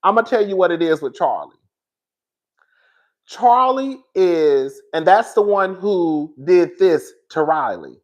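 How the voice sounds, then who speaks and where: High-voiced man ranting candidly to viewers. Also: expressive, slow pace, a little mellow. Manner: candid and profane, talks straight to viewers; rambling, with frequent restarts and asides. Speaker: reality TV commentator. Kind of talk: casual commentary vlog.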